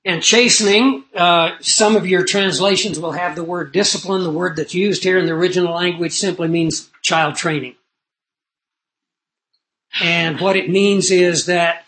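A middle-aged man preaching a sermon in an earnest storytelling way, swinging between loud emphasis and low asides. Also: a little hiss or hum, low-quality recording.

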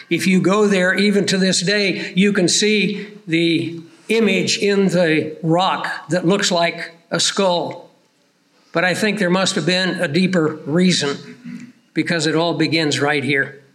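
A man preaching a sermon, slowing down to stress his points. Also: on the high side, a bit bright.

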